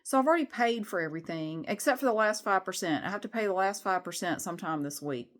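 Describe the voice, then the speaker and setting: A woman's voice: medium pitch, animated, fast. Lady ranting about her week, candid and frustrated, restarts a lot, cusses a bit. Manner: candid, frustrated, rambling with restarts and mild swearing. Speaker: vlogger. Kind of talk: casual venting monologue.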